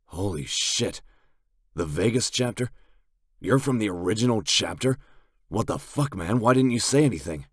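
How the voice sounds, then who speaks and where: A man reading an audiobook, voicing an excitable adult male biker who talks in an agitated way. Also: fairly low pitch, moderate pace, breathy edge, no room sound, studio quality, pitched above the performer's own voice. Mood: startled. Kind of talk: audiobook character voice.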